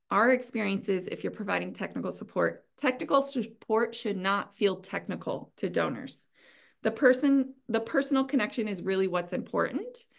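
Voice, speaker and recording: A woman's voice: lowish voice, vocal fry. A woman presenting at an online training session, giving practical advice in an earnest, conversational way with frequent ums and small laughs. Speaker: webinar presenter.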